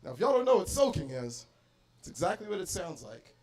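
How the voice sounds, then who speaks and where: Young guy doing standup in a bar, kinda high voice, gets loud and animated. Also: a little fast. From Arizona. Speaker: stand-up comedian. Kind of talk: stand-up comedy set. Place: bar comedy stage.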